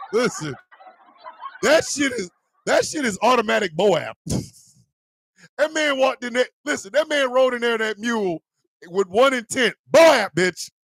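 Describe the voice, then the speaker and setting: A male host in a profane, loud comedic live-stream rant who laughs often. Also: very high-pitched, sing-song, slow pace, creaky, long pauses, husky, no room sound.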